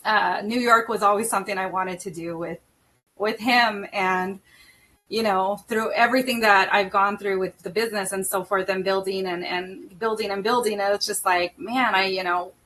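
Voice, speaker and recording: A middle-aged woman hosts a casual podcast, talking in a bright, clear voice. She is emotional and laughs easily, and she fills her sentences with "like" and "you know.". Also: medium pitch, fairly even intonation, normal speed. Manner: emotional, laughing often, many fillers. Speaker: podcast host. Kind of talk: casual chat.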